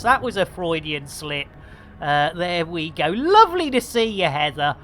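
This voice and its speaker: A man's voice: sits high, very animated, normal speed, a bit bright, a little hiss or hum. A man commentating his live game stream with jokey, punning banter for his viewers.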